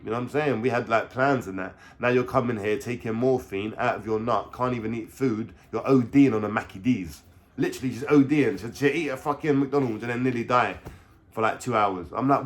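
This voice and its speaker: A man, telling a story in his vlog in animated street slang and swearing heavily. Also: medium pitch, a little fast. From London. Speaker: vlogger.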